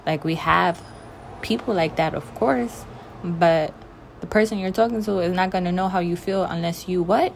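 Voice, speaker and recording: A woman's voice: lowish voice, moderate pace, gravelly, a little hiss or hum. A young woman ranting bluntly and emphatically to the camera in a casual vlog. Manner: blunt, emphatic, talks straight to the listener. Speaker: vlogger.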